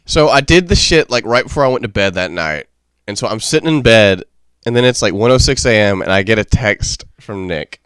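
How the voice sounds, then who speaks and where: A man in his twenties tells a long story on a podcast. He is profane and rambling, and his pitch swings widely as he goes. The sound is dry and close. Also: lively intonation, brisk, fairly bright tone, clean tone, no room sound. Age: 20s. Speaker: podcast co-host. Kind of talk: casual storytelling chat.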